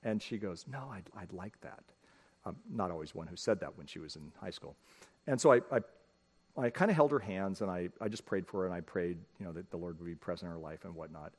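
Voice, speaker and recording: A man's voice: low voice, quick pace. A middle-aged man, a pastor, giving a conversational sermon, telling family stories and speaking straight to his congregation. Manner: folksy, storytelling, addresses the congregation directly. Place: church sanctuary.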